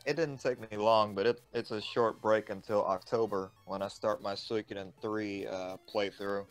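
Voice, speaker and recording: A man with a lowish voice tells stories in loose, slangy chat with his streaming partner. Faint music plays behind him. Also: fairly even intonation, moderate pace, clean tone. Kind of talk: casual gaming stream chat.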